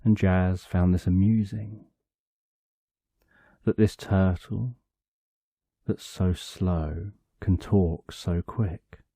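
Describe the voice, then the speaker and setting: A man narrating a bedtime story for sleep, calm and drawn out, in short phrases with long pauses. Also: low-pitched, creaky, husky, no room sound, studio quality.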